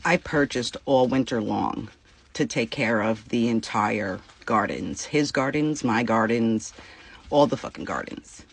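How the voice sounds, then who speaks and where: A woman's voice: a bass voice, lively intonation, a little slow, vocal fry, husky. Upset woman venting, swearing. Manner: upset, swears freely, speaks in bursts. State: near tears. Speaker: vlogger. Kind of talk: casual venting to camera.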